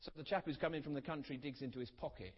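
Preacher in an echoing hall. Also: male voice, medium pitch, very fast, breathy edge. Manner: earnest, storytelling, trailing off on key words. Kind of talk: sermon. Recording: dull recording in a reverberant hall.

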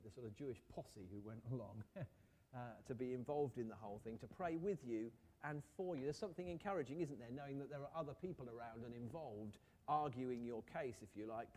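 A man with a slightly higher voice preaching a sermon. He talks to his listeners conversationally, asks rhetorical questions and now and then acts out what the people in the story might have said. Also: a little mellow, slight background noise.

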